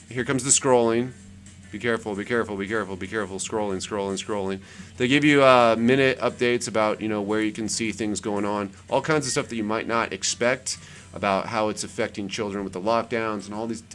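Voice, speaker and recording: A man's voice: mid-range voice, a bit bright. A man hosting his channel, chatting casually while scrolling through web pages, rambling and repeating words for emphasis. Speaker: channel host. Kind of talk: casual screen-share commentary.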